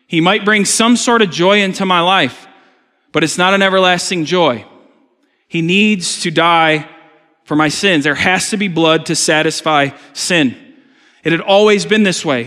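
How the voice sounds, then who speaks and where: A male pastor giving a conversational sermon in a church, swinging between loud emphasis and soft asides, with jokes along the way. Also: sits high. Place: church sanctuary. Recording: long hall reverb.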